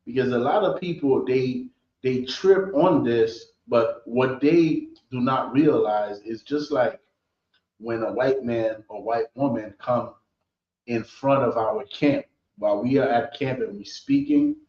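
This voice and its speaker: Male teacher, measured emphatic scripture lesson, echoey lo-fi room recording. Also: mid-range voice, animated, darkish tone. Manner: emphatic, checks in with "right?" often. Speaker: teacher of a scripture history class. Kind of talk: preaching-style scripture lesson. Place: meeting hall. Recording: roomy, dull lo-fi recording.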